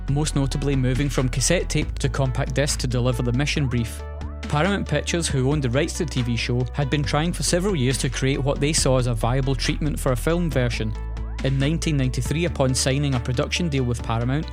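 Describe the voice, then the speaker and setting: A man reads a scripted podcast introduction in a steady, measured way. His pitch is middle for a man. A guitar music bed plays clearly under his voice. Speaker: podcast co-host. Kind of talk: scripted narration.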